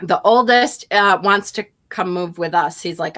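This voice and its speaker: A woman's voice: lowish voice, unhurried, fairly bright tone. A middle-aged woman casually telling a story to her viewers, chatty and laughing often. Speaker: vlog host, tarot reader.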